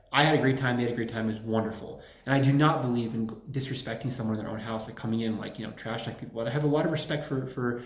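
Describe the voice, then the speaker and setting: A man's voice: mid-range voice, a little mellow. A man giving a casual lecture to a small group, joking and rambling through anecdotes. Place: room at a campus Catholic center. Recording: roomy echo.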